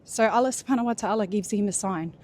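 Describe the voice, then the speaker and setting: A woman's voice: mid-range voice, quick pace, a little mellow. A woman casually retelling a religious story in a loose, chatty way, full of fillers and restarts.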